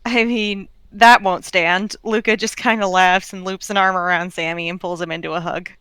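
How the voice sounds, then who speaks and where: A woman running a tabletop role-play as game master, relaxed and playful. Her voice is bright and smooth, a little higher than most. The sound is dry and close. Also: normal speed, no echo.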